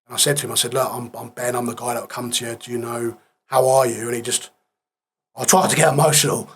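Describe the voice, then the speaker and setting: A husky-voiced man in his thirties speaks as a podcast guest. His voice sits at a middling pitch. He tells his story plainly and quietly, often trailing off. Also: level tone, fast. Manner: plain-spoken, subdued, trails off in places. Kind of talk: recounting a war injury in a casual interview.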